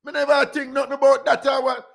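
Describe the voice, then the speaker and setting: Man voicing a shrill Jamaican woman, indignant, gravelly edge, high and exasperated. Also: steady tone, a bit bright, full character voice. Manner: shrill, exasperated, rapid retorts.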